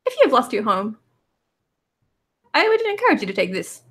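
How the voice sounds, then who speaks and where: A woman's voice: fairly high pitch, huge pitch swings, moderate pace, fairly bright tone, breathy edge, pitched above the performer's own voice, exaggerated voice. A woman voicing a tiny cheerful male copper automaton servant with a cute little robotic voice. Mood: curious. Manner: eager, dutiful, formal.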